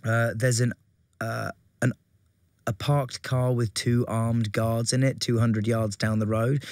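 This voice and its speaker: A man's voice: medium pitch, level tone, slow pace, darkish tone, no echo, studio quality. An English man, an actor, chatting in an interview with frequent laughs and restarts. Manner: rambling, self-interrupting, laughs often. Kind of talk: casual interview chat.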